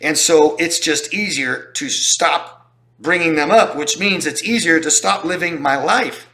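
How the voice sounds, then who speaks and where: A man's voice: a little high, unhurried, bright, forceful tone. A man talking as a relationship coach in a casual explanatory style, emphatic and repeating points for stress. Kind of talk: casual explanatory talk to camera.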